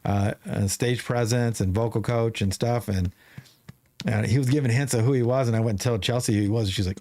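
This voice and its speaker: A man's voice: medium pitch, steady tone, brisk, warm tone. A man hosting a podcast, telling a long story in casual chat with many restarts. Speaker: podcast host.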